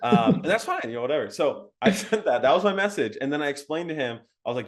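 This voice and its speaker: A young man telling his story as an interview guest, animated and laughing, full of "like" and "um". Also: a little high, quick pace, hardly any pauses. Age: young adult. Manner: animated, laughing, frequent fillers like "like" and "um".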